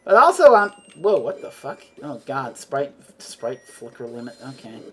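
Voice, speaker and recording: A woman's voice: very deep voice, big pitch swings, moderate pace, slight background noise. A woman from Europe chatting casually while streaming a game, rambling, sarcastic and profane, often tripping over her words.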